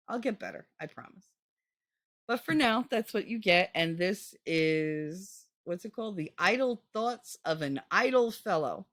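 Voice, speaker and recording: Brief: woman host, chatty book commentary, blunt and swearing, very lively pitch, dry close sound. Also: no echo. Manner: blunt, joking, swears freely; animated, swoops into squeaky high pitches.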